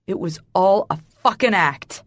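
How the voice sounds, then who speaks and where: A woman's voice: lowish voice, lively intonation, a little slow, no echo. A woman voicing a cold, cruel young male billionaire who hisses his words with contempt in an audiobook. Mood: contemptuous. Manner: hissing, contemptuous.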